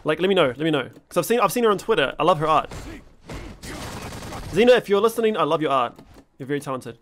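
A young man streaming a fighting game, giving excitable live commentary, swearing and shouting at the screen. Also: fairly high pitch, quick pace.

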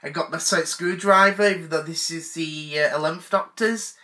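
A man's voice: on the high side, fairly even intonation, normal speed, sharp tone. A man playing an obsessive, whiny adult male sci-fi fanboy who stammers through fillers in a comedy sketch. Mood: nervous. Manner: indignant, whiny. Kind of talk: comedic rant to camera.

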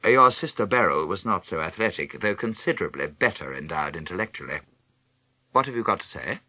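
A man voicing a stern, quietly menacing school headmaster in an audiobook, measured, precise and cutting. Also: low voice, animated, no echo, exaggerated voice. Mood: coldly probing. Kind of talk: audiobook character reading.

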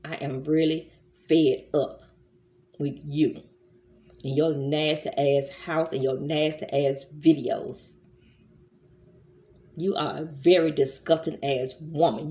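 A middle-aged woman vlogger, deep-voiced and a bit mellow, goes on a heated, profane rant to her camera. She scolds someone and addresses her viewers as y'all in this angry commentary.

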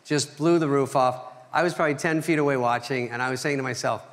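A middle-aged man giving a dry, deadpan stand-up roast on a theater stage, pausing for his punchlines. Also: mid-range voice. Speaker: comedian roasting a friend. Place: theater stage at an award ceremony. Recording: reverberant hall, noisy live recording.

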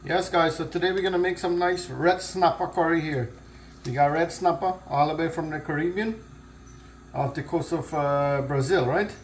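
A man's voice: on the high side, normal speed, slight background noise. Easygoing Guyanese man telling a joke. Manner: easygoing storyteller, relaxed creole grammar. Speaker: cooking channel host. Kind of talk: casual joke telling and cooking chat. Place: home kitchen.

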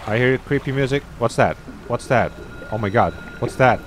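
A man giving loud, excitable gameplay commentary that swears and shouts when something startles him. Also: medium pitch, normal speed, noisy background. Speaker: gameplay streamer.

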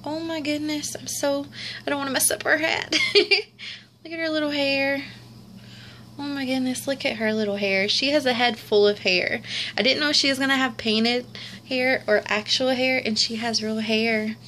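A woman's voice: high voice, steady tone, moderate pace, pushed and bright. A young woman talks through an unboxing in a casual, cooing way. She gushes and repeats her delighted exclamations. There is a faint hiss of noise behind her. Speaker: vlogger unboxing a doll.

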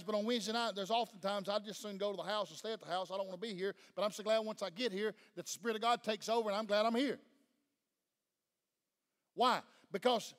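A man with a Southern US accent preaching a sermon fervently, pressing the congregation with questions. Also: high-pitched. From Tennessee. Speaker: pastor. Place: church sanctuary. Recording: long church-hall reverb.

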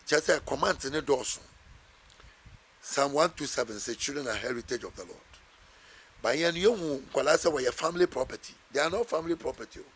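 A man's voice: a little high, husky. A man with a Ghanaian accent, a pastor answering interview questions in an earnest preaching manner, quoting scripture and mixing in Twi phrases. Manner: earnest, quotes scripture, switches between English and Twi.

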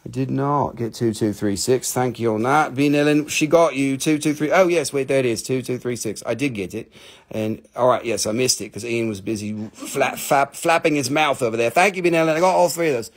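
A man hosts a live stream selling crystals and minerals, with rambling, joking, playfully crude sales patter. His voice is mid-range and brisk.

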